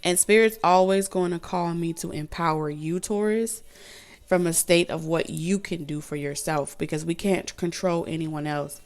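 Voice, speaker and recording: A woman giving a tarot reading straight to the viewer, blunt and animated, with slang and the odd swear word. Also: lowish voice, moderate pace. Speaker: tarot reader. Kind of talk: direct-to-camera tarot reading.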